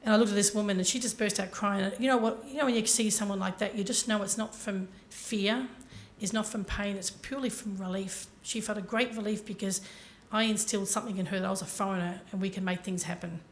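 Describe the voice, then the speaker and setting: A woman's voice: mid-range voice, steady tone, quick pace, hardly any pauses, slight background noise. A woman giving a motivational talk to a conference audience, telling her story earnestly and speaking directly to the listeners. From Ireland.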